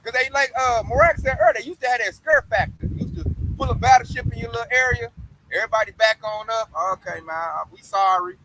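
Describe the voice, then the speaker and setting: High-voiced man teaching scripture. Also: quick pace, a little hiss or hum, rough recording. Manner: loud reading of verses, then slangy joking asides with put-on voices. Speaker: bible study teacher. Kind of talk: informal scripture study and commentary.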